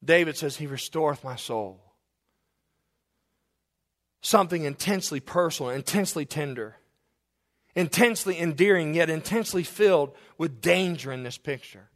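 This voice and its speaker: A man preaching a sermon in a voice set slightly higher than most men's. He poses question after question to his listeners and repeats his phrases. At the peaks he climbs higher and grows louder with passion. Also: moderate pace. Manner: preaching with rising passion, rhetorical questions and repetitions.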